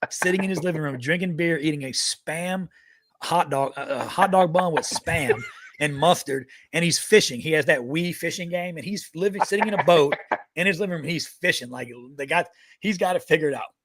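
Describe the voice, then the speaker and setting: A fairly high-pitched man in his thirties, an army veteran, co-hosts a podcast at a normal speed. His casual stories are animated, packed with swearing and laughter.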